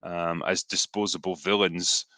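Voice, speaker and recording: A Scottish man in his thirties talks into a headset during a loose livestream, filling gaps with "um" and throwing out dry sarcastic jokes. His voice is slightly low but bright and forceful. The sound is close and dry, with no room around it. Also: measured pace, no echo. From Scotland. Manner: relaxed, filler-heavy, dry sarcastic humor. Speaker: host reading superchats. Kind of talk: casual livestream chat.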